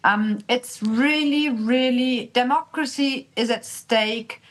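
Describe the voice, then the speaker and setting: A woman's voice: fairly high pitch, slow, low-quality recording. A woman from Germany with a German accent, a politician guest speaking earnestly in a remote interview, English not her first language.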